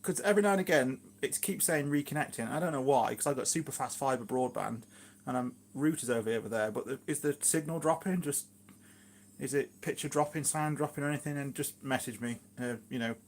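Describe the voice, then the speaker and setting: Shropshire man, mid-pitched, rambling kitchen live-stream chat, lots of fillers and asides. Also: a little fast. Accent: Shropshire English. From England, Shropshire. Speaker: gardening vlogger, live streamer. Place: at home in his kitchen.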